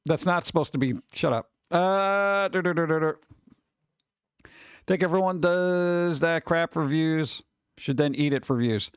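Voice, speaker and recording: Male streamer, higher-pitched, rambling casual chat, dry sound. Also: measured pace, clear, resonant tone, no echo, dull audio. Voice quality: scratchy vocals at times. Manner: rambling, wry, reacts to chat and pictures.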